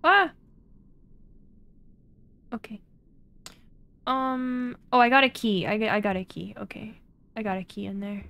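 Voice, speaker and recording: A woman's voice: mid-range voice, normal speed, creaky, pauses often, fairly bright tone. A young woman streaming a horror game, chatting playfully and breaking into mock-dramatic outbursts.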